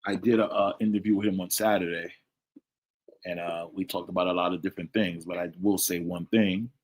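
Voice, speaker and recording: A man's voice: low voice, fairly even intonation, a little fast. A man hosting a casual livestream Q&A, talking loosely to chat viewers by name and repeating himself. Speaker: livestream host answering chat questions. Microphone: desk microphone, sometimes leaning away from it.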